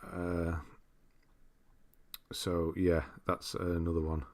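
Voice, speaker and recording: This northern English man, his accent mild and his voice low, takes things slowly while hosting a laid-back livestream. He reads out comments from viewers and rambles amiably, frequently chuckling.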